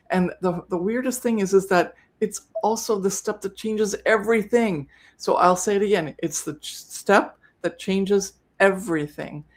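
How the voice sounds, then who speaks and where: Chatty woman hosting a live webinar. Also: lowish voice. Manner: chatty, self-correcting, trips over words. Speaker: co-host of a live business webinar. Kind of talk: casual live-stream teaching.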